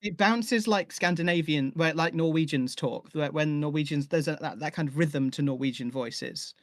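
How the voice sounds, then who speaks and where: A man's voice: a little high, normal speed, no room sound, studio quality. A man hosting a live-streamed chat about audio drama, rambling and enthusiastic with many restarts. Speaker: host and audio drama maker.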